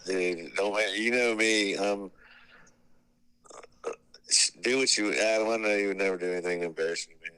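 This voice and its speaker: A man with a lowish voice chats on a call with his old bandmate. He is blunt and relaxed, swearing freely and laughing at himself. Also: fast talker, smooth, rough recording. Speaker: guest, former bandmate. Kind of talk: casual phone chat.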